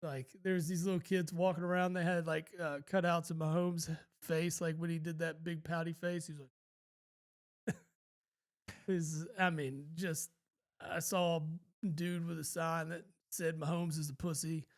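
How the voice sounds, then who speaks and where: A man's voice: a little high, little pitch movement, unhurried. A man co-hosting a podcast, telling a long story in a laid-back, rambling way and swearing freely. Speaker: podcast co-host. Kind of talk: casual storytelling chat.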